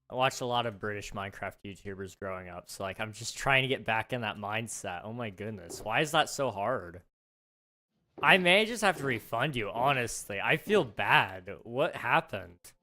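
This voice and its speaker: Bright, chatty male livestreamer. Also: medium pitch, animated, normal speed, soft background music. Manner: rambling, chatty, self-deprecating. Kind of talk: casual livestream chat with viewers.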